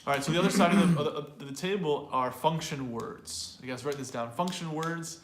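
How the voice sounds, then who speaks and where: A man's voice: fairly high pitch, a little fast, roomy sound. A man teaching an online English pronunciation class. He explains in a talkative way and often repeats or restarts words.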